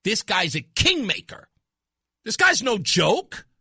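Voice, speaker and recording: A male talk radio host riffing excitedly and laughing often between points. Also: sits high, takes it slowly, husky, no echo, clean studio sound. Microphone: studio microphone.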